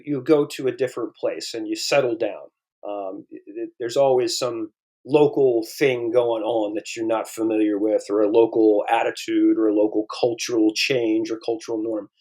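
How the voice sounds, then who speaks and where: A man's voice: medium pitch, darkish tone. A man in his fifties from the eastern United States, a paleontologist chatting as a podcast guest, rambling and telling stories. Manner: rambling, storytelling, frequent restarts and fillers. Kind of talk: casual interview conversation.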